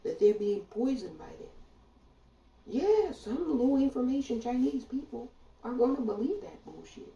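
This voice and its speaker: A woman rants about politics in a blunt, indignant monologue and talks right at her audience. Her voice is dark and gravelly with a mellow low end. She sits away from the mic in a roomy, echoing space. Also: animated, normal speed, far from the mic, highs cut off. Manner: blunt, indignant, profane, addresses listeners directly. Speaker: political commentator. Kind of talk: ranting monologue. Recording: echoey room, voice off-mic.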